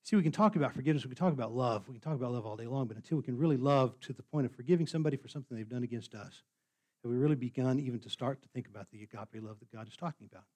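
Guy preaching fast on a sunday, earnest, stumbles and repeats words. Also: mid-range voice, a little mellow. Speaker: pastor. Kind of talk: sermon with a read-aloud story.

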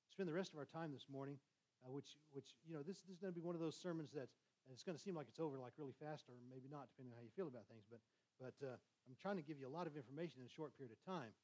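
A man preaching a conversational sermon, talking quickly with frequent restarts and checking in with "all right?". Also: medium pitch, a little mellow, rough recording.

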